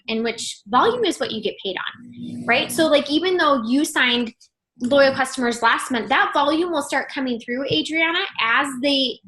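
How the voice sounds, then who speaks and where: A woman's voice: high voice, sharp tone. A woman in her thirties coaching her team on a video call, chatty and upbeat, saying "like" and "you guys" a lot. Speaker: team leader.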